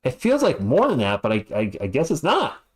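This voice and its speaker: A man's voice: medium pitch, wildly swooping pitch, a little fast. A man calling a basketball game live as a fan commentator, chatting and ranting between plays. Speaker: play-by-play commentator.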